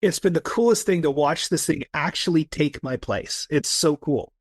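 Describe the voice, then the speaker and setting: An enthusiastic man talks as a guest in a casual podcast conversation, piling up stories and restarting his thoughts. His voice sits a little high with a husky edge. The sound is close and dry. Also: normal speed, dry recording. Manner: eager, enthusiastic storyteller with many restarts. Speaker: guest, personality coach.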